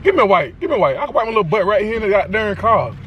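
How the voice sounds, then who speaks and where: A man's voice: sits high, very animated, rapid-fire, lo-fi sound. A young man filming a prank, teasing and laughing, then pleading. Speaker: prankster vlogger. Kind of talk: casual filmed prank. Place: in and around a parked car outdoors. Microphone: handheld camera. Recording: outdoor noise, traffic.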